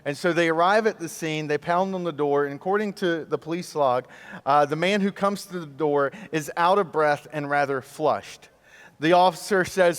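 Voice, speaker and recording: Guest-preaching in a large church auditorium with long hall reverb, a man with a slightly high voice speaks at a moderate pace. He tells stories with humor in an animated way and jokes around with the congregation.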